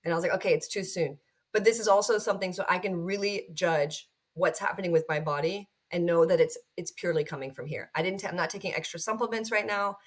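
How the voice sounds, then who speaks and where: A middle-aged woman, a podcast guest, talking about her own experience in an animated, storytelling way that acts out other people's voices. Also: on the low side, quick pace, hardly any pauses. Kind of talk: conversational podcast interview.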